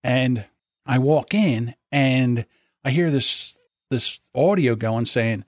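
A man with a South Jersey accent hosting a podcast, telling a profane, animated story. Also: mid-range voice, slow pace, dry recording, clean studio sound. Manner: animated, profane, acts out voices. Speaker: podcast host. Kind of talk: casual storytelling.

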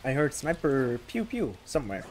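A woman's voice: extremely low pitch, big pitch swings, normal speed, darkish tone, slight background noise. A woman streaming a game, giggly and hyper, chatting playfully with her teammates. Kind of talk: casual gaming stream chat.

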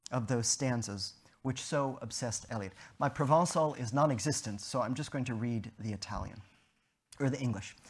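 A man giving an academic lecture, in a measured, deliberate way with emphatic stresses and a slightly husky voice. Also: a little high.

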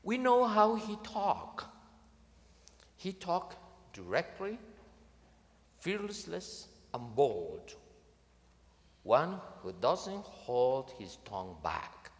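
A male priest delivers a sermon with a lively, swooping pitch and an unhurried delivery. He is emphatic and drops in dry humor. His voice rings through a large, reverberant hall. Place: large conference venue.

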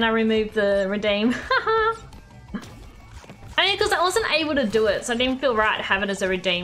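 A woman's voice: on the high side, a bit bright. An Australian woman streaming a game live, exclaiming, laughing and swearing at her mistakes. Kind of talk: live gameplay commentary.

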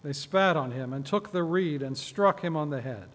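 A man reading scripture aloud at a midweek church service, measured and solemn. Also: a little high. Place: church sanctuary. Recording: echoey church hall.

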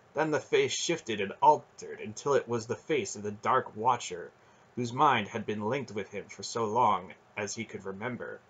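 A man reading a fantasy novel aloud in steady storytelling narration. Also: medium pitch, husky. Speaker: audiobook reader.

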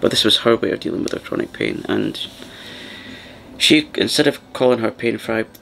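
A man hosting a soft-spoken ASMR chat, rambling and partly whispering as he talks. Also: lowish voice, moderate pace, creaky, slight background noise. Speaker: ASMR channel host.

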